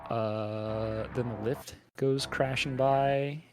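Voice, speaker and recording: A man's voice: mid-range voice, steady tone, drawn-out words, over music. A man co-hosting a podcast, casually recapping a movie plot with profane, jokey asides. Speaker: podcast co-host.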